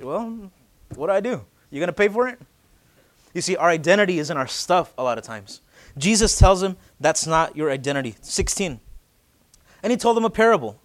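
A man in his late twenties, a pastor, preaching a casual, joking sermon that swells into loud, urgent emphasis. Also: fairly high pitch, animated, a little fast, pauses often. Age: late 20s.

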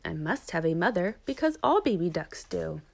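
A woman voicing a tiny lost baby duckling boy in a storybook reading, with a small, pleading voice and high quacks. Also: sing-song, moderate pace, vocal fry, a little mellow, heavily acted. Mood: wondering.

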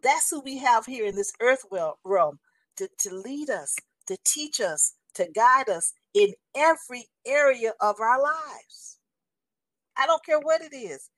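Woman in her 60s telling her testimony, animated, keeps saying honey, kinda high voice, dry close sound. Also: measured pace, dry recording. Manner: animated and emphatic, calls the listener honey. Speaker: guest sharing a faith testimony. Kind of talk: casual spoken testimony.

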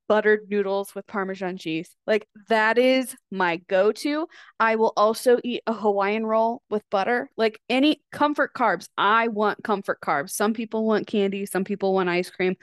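Here the host, a woman in her thirties, sounds smooth and mid-range as she confides in listeners of her podcast, swearing freely in a chatty way. The recording is dry and studio-clean.

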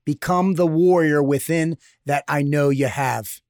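A man co-hosting a podcast, talking with energetic, joking banter and pep-talk lines. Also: fairly high pitch, unhurried, no echo, clean studio sound. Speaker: podcast co-host, former Navy SEAL.

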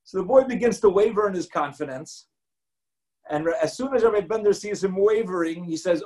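A rabbi delivers a Torah talk in a notably high male voice. He tells his story with animation, acting out the quoted lines and sprinkling in Hebrew and Yiddish words. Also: expressive, fairly quick, a little mellow, poor audio.

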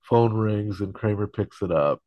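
A man's voice: fairly low pitch, unhurried, dry recording. A man hosting a podcast, rambling casually through an episode recap and swearing. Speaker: podcast host. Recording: dry dull lo-fi mic.

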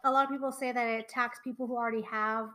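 A chatty young woman with a high voice co-hosts a casual podcast. She circles around her points with plenty of "um" and "like," stopping and restarting her sentences as she goes. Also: fairly even intonation, rapid-fire, sharp tone, poor audio. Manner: chatty, many fillers and trailing restarts. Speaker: podcast co-host. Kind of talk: casual chat.

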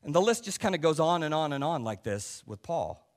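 A man's voice: big pitch swings, a little fast. Emphatic male pastor preaching. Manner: emphatic, asks the congregation rhetorical questions; swings between loud stresses and quiet low asides. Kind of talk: sermon.

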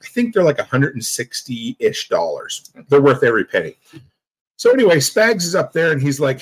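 A man hosting a live stream in casual chat, telling stories with jokes and lively asides. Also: fairly high pitch, brisk, breathy edge, low-quality recording. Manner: animated storytelling, joking.

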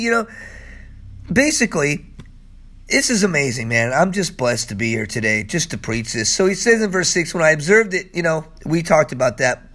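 Pastor, male, high voice, hoarse from allergies, excitable, chatty sermon delivery with frequent laughs. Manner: excitable and chatty, laughs often, says "man" a lot. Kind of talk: casual, energetic sermon.

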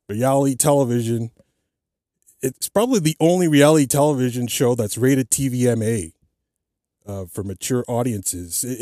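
A man's voice: medium pitch, warm tone, dry recording, studio quality. A man hosting a podcast alone, talking casually and rambling with many fillers and restarts. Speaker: podcast host. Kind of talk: casual solo podcast chat.

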